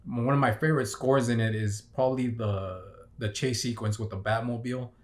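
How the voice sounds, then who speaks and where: A man's voice: medium pitch, fairly even intonation, fairly quick. A young man giving a casual, unscripted movie review, rambling with many fillers and restarts. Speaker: film reviewer.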